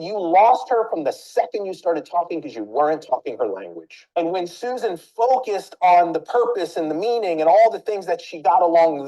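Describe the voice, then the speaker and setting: A woman business coach giving a training talk, telling a story and speaking straight to her listeners with quick questions. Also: medium pitch, poor audio. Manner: animated, addresses listeners directly with rhetorical questions.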